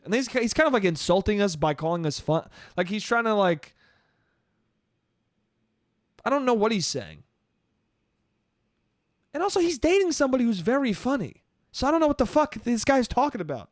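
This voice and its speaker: A man with a high voice rants through a story on his solo comedy podcast. He sounds exasperated, swears freely and keeps saying "dude." The sound is dry and close, with no room echo. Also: very animated, fairly quick. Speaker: podcast host. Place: New York.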